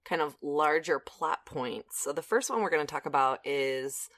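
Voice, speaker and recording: A woman's voice: low-pitched, normal speed, fairly bright tone, no room sound, clean studio sound. A young woman co-hosting a podcast in casual chat, chatty with frequent fillers and laughs. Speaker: podcast co-host.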